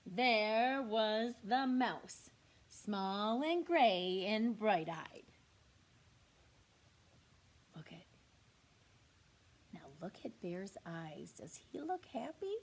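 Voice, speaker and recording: A woman teacher reading a picture book aloud to young children, slow and expressive, with whispered asides to the class. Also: medium pitch, a little hiss or hum. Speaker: kindergarten teacher.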